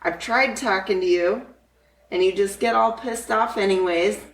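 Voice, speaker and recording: A woman's voice: medium pitch, normal speed. Woman, podcast co-host, blunt, profane, heated casual chat, roomy echo, distant mic.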